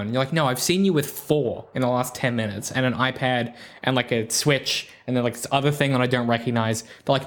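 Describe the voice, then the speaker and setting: A man's voice: mid-range voice, fairly quick, fairly bright tone. A man co-hosting a podcast, chatting casually in a rambling, jokey, self-deprecating way. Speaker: podcast co-host.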